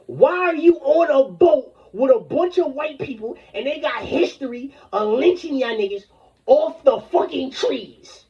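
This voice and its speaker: A man's voice: very high voice, animated, unhurried, a little mellow. A man delivering an angry, rambling, confrontational rant full of profanity. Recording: dull lo-fi recording.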